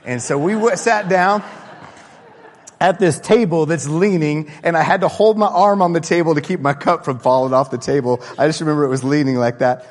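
Texas-raised minister, animated and conversational, fairly high voice in a reverberant sanctuary. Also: male voice, a little fast. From Austin, Texas. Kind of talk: sermon with personal storytelling.

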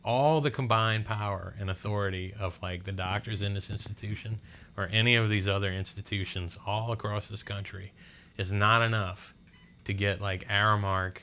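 A man's voice: lowish voice, fairly even intonation, normal speed, sharp tone, slight background noise. A man on a podcast, recorded in a hospital room, ranting in casual, profane, emphatic chat.

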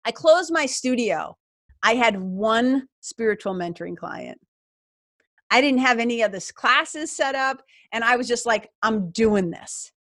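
Lively high-voiced woman telling stories. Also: measured pace, no room sound, studio quality. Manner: animated, laughing, acts out her own past thoughts. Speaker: guest. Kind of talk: podcast interview storytelling.

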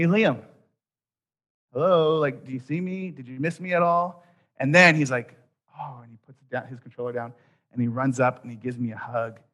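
A man in his thirties preaching a sermon, telling a story with quoted voices and dropping soft at key points. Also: medium pitch. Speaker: pastor.

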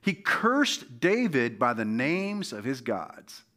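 Taking his time, a male pastor delivers an impassioned sermon in a bright, forceful, medium-pitched voice with a sing-song quality. He keeps exhorting his listeners, repeating "come on" and "all right" again and again.

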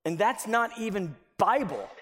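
High-voiced man preaching in a reverberant hall. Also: measured pace. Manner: animated, acts out everyday dialogue in little scenes; drops to a near whisper for emphasis. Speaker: pastor. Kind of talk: sermon.

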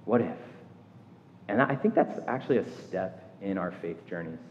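A man preaching with a very animated pitch that rises and falls as he asks his congregation questions. His voice carries a long hall reverb, and the sound is a little muffled and lo-fi. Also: fairly quick, slight background noise. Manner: conversational, questioning, lively emphasis. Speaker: pastor. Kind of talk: sermon.

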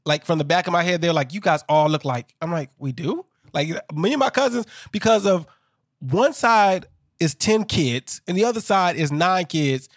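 A man's voice: high voice, animated, moderate pace, dry recording, studio quality. A man co-hosting a casual podcast, telling rambling anecdotes with restarts. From Chicago area. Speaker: podcast co-host. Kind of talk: casual chat recapping a reality show.

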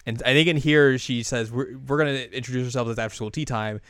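Man, casual co-host, smooth clear voice, dry close sound, rambling recap style. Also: mid-range voice, fairly bright tone, no echo. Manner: loose and rambling, many fillers and quick quoted voices, laughs often. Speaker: podcast co-host recapping an anime episode. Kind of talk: casual chat.

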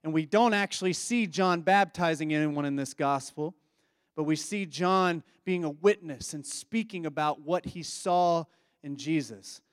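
A man's voice: a little high, measured pace, smooth, dry recording, clean studio sound. A man preaching a sermon in a conversational, reflective way, often asking his listeners questions.

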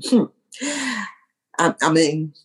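A woman's voice: low-pitched, slow pace, slightly rough. Woman podcast co-host, loose and tipsy, rambling casual chat.

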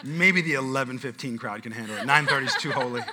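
A man's voice: mid-range voice, fast talker, background noise. A male pastor telling a chatty story at a church Q&A, with lots of restarts and asides. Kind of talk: sermon-style Q&A at church.

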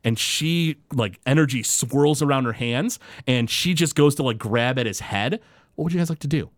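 A man's voice: mid-range voice, normal speed, dry recording. A man narrating as game master of a tabletop game in a casual, rambling way with many fillers.

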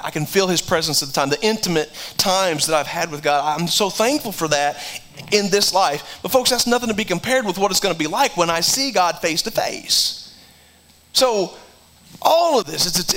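Bright high-voiced man preaching a sermon. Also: lively intonation, fairly quick. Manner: earnest preaching, acts out quoted dialogue, frequent restarts. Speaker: pastor.

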